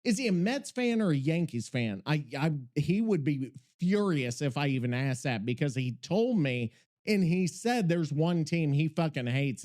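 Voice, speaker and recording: A podcast host with a highish, darkish voice chats loosely and profanely. His talk is scattered, and he stops mid-thought again and again because he's working on something as he speaks.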